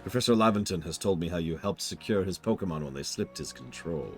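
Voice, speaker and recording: A man voicing a stern male captain of a survey corps in a video game, speaking in a measured, formal and aloof way. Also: sits low, lively intonation, darkish tone, faint music behind, voice pushed down.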